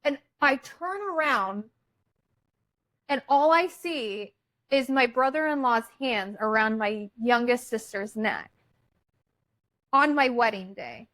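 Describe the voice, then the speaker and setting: A woman co-hosting a podcast in casual chat, expressive and chiming in often as she tells her side of a story. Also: on the high side, slow pace, pauses often, dry recording. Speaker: podcast co-host.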